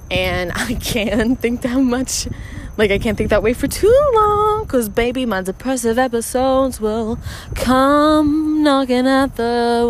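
A woman's voice: fairly low pitch, slight background noise, rough recording. A woman podcast host ranting frankly and with plenty of swearing while out walking her dog, recorded on a phone. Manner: rambling, profane, frank. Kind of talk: casual solo rant. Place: outdoors on a walk with her dog.

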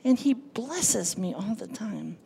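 A woman giving an earnest, emotional personal testimony from a church pulpit, telling her story with lively quoted dialogue. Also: medium pitch, takes it slowly, creaky, slightly rough. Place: church sanctuary.

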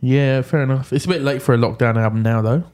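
Wry man with halting speech. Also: medium pitch, darkish tone. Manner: hesitant, stumbling restarts, wry. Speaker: podcast co-host. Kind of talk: casual chat.

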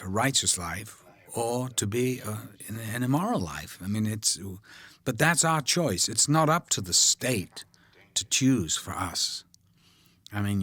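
Older male actor, commentary chat; animated raconteur, slightly low voice. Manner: anecdotal, animated storytelling with voiced quotes. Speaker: actor discussing his film.

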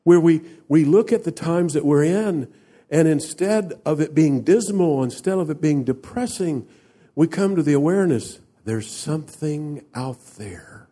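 Slow, mellow-voiced male preacher. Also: fairly high pitch, breathy edge. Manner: emphatic, rhetorical questions to the congregation. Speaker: pastor. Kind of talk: sermon.

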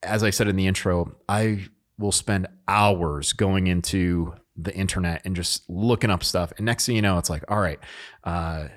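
Male host, very low voice, easygoing and friendly, rambles through questions. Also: steady tone, normal speed. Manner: rambling, restarts phrases, friendly. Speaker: podcast host. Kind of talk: casual interview chat.

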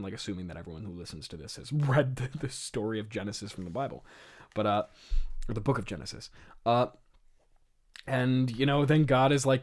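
A man's voice: mid-range voice, lively intonation, moderate pace. Man, casual podcast commentary, rambling, stammering, amused asides. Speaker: podcast host reviewing a script.

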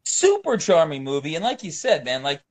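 A man's voice: fairly high pitch, huge pitch swings, normal speed. A man co-hosting a casual movie podcast, enthusiastic, using slang like "dude" and "bro" and sports metaphors. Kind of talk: casual chat about movies.

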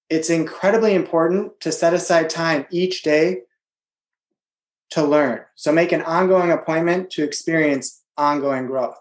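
A man, a podcast guest, giving earnest motivational advice in steady phrases. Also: on the high side. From United States. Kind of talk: motivational interview talk. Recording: roomy remote call audio.

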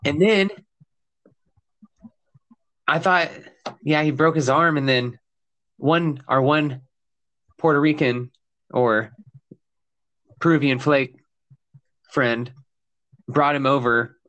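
A man's voice: a little high, slow pace, long pauses, fairly bright tone. A man hosting a podcast, chiming in with laid-back, slangy remarks in casual chat. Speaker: podcast host.

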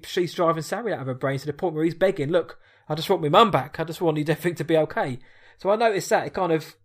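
A man's voice: on the high side, darkish tone. A man co-hosting a casual film discussion, chatty, with stumbling restarts.

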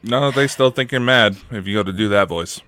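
Low-voiced laid-back man. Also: a little fast, bright, forceful tone. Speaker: co-host. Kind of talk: casual podcast chat.

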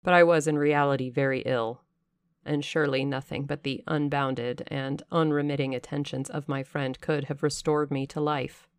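A woman narrating a classic novel aloud on a close mic, with expressive, dramatic pacing. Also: low voice, normal speed, clear, resonant tone, no room sound. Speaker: audiobook reader.

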